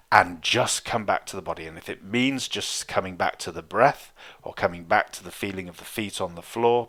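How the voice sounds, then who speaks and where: A man giving a calm, reflective Zen Dharma talk, with frequent fillers and restarts. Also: low-pitched. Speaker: Zen teacher.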